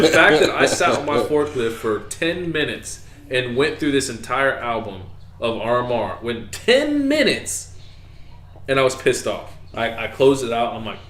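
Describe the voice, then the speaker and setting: Male podcast co-host, mid-pitched, lively storyteller, roomy echo. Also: a little hiss or hum. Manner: animated storytelling, acting out his own reactions. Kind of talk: casual podcast chat. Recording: echoey room.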